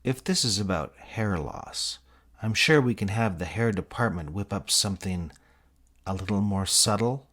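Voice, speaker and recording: A man's voice: on the low side, animated, normal speed, a bit bright. A man voicing a male TV show producer who pleads with and placates the star. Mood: coaxing.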